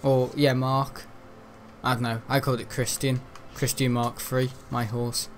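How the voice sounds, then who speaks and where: A man's voice: mid-range voice, flat delivery, measured pace, slight background noise. A teenage young man giving rambling, chatty let's-play commentary while he plays, often laughing. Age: teens. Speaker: gaming video host.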